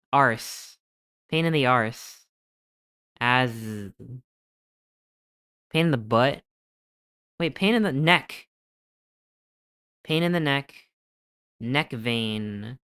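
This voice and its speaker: A streamer giving excitable live gameplay commentary, thinking aloud while guessing and swearing often. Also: medium pitch, clean tone, dry recording, studio quality.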